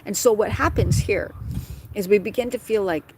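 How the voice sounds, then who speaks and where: A woman's voice: mid-range voice, moderate pace, slightly rough, low-quality recording. Earnest woman giving heartfelt advice. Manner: earnest and emphatic, acts out inner thoughts in quoted asides. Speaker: menopause wellness vlogger. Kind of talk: casual direct-to-camera advice talk.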